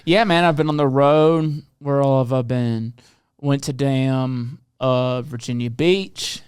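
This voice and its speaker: A man hosting a podcast, telling a rambling story with lots of swearing and quick impressions of the people in it. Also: medium pitch, darkish tone, smooth, no echo, studio quality. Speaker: podcast host. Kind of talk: casual chat.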